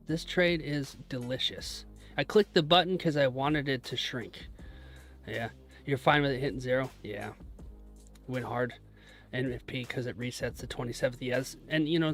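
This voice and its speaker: A young man chatting casually on a live stream, joking about himself and cheering his trades on. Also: medium pitch. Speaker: livestreaming day trader.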